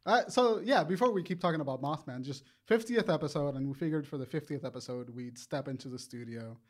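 A man's voice: fairly high pitch, brisk. A man who learned English as a second language, co-hosting a casual podcast chat and swearing freely. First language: Spanish. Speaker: podcast co-host.

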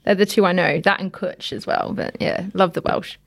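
An Australian woman, a podcast guest, chatting casually with quick asides and frequent laughter. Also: fairly low pitch, vocal fry. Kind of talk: casual chat.

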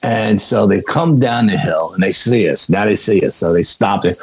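Husky-voiced man telling a story. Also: low-pitched, brisk, rough recording. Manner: animated, swears freely, acts out dialogue. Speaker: guest, paranormal investigator. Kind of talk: casual storytelling.

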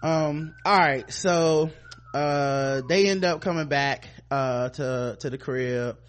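A podcast host recaps a TV episode in loose, profane, casual chat, mimicking the characters along the way. His voice is a little high, and he takes his time.

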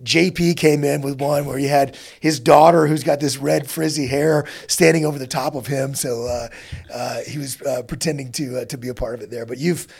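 A middle-aged man hosting an interview podcast, talking in a relaxed, halting way with many restarts. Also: mid-range voice, creaky, slightly rough. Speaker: podcast host. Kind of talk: conversational interview.

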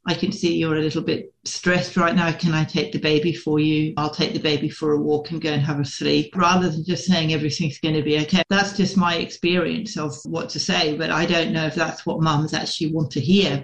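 A man hosting a podcast interview, measured and sympathetic, offering practical advice. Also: a little high, a bit bright, echoey room, poor audio. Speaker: podcast host. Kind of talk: interview chat.

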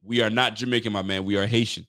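Hosting a casual live sports fan show, a man with a fairly low voice talks fast, excitably and emphatically straight to his viewers. He often restarts his sentences mid-thought.

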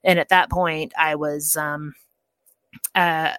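A woman with a lowish voice tells her story as a podcast guest, casual and chatty. She laughs often and lifts her voice to act out what others said. The sound is dry and close. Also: takes it slowly, no room sound. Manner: laughs often, quotes people in lively voices.

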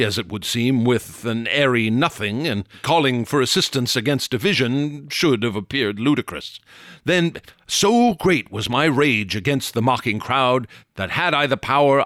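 A male narrator reading an old horror story at a measured pace, with steady drama. He sinks his voice low at the tense moments, and the recording is dry and close with no room echo. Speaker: audiobook narrator.

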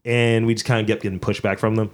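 A man co-hosting a podcast, telling profane, animated stories in casual banter. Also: fairly low pitch, fast. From Baltimore. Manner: profane, animated storytelling with voiced impressions. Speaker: podcast co-host.

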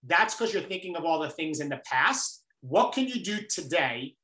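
Guest author with a New York accent, bright and emphatic, in a roomy echo. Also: male voice, fairly high pitch, normal speed. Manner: energetic, preachy, emphatic. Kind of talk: motivational interview talk.

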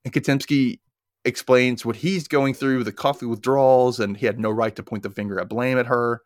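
A man hosting a podcast, casually recapping a TV episode with animated storytelling and casual swearing. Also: mid-range voice, brisk, no echo, studio quality. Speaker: podcast host.

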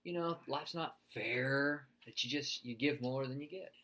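A man's voice: mid-range voice, measured pace, sharp tone. A man co-hosting a comedic podcast, asking questions and slipping in song lyrics as answers.

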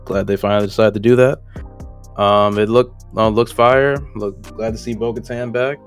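Low-voiced man rambling in casual slang. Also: steady tone, moderate pace, smooth, soft background music. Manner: rambling, slangy, self-correcting. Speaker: podcast co-host. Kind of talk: casual chat.

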